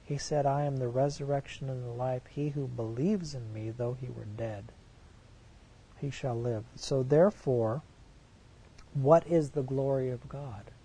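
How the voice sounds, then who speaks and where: A man's voice: medium pitch, warm tone, a little hiss or hum, rough recording. A man preaching a sermon, reading scripture verses aloud and commenting on them with rhetorical questions in an earnest, emphatic way.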